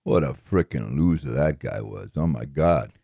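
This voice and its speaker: A man impersonating a gentle, dim-witted middle-aged boxer who mumbles and rambles with halting, self-mocking speech. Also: extremely low pitch, animated, gravelly, dry recording, clean studio sound, voice pushed down, full character voice. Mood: rambling. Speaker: impressionist. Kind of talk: comedic impression monologue.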